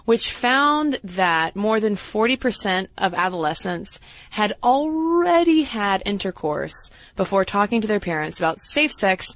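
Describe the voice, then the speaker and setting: A woman co-hosting a podcast, telling stories in a lively, casual way with fillers. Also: medium pitch, unhurried, no room sound. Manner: animated storytelling with fillers. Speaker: podcast co-host. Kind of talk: casual chat.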